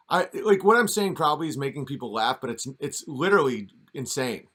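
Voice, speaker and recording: A man's voice: medium pitch, very animated, brisk, fairly bright tone. A man giving a mocking, sarcastic comedic commentary rant while reacting to a video.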